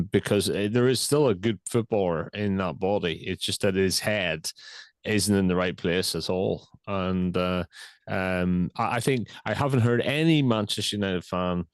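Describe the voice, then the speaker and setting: A man co-hosting a football chat show, speaking in a low voice that is fairly deep for a man. He talks haltingly, circling back and repeating himself as he works toward his point. The sound is dry and close, with no room echo. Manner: hesitant, many restarts and repeated words. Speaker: podcast co-host.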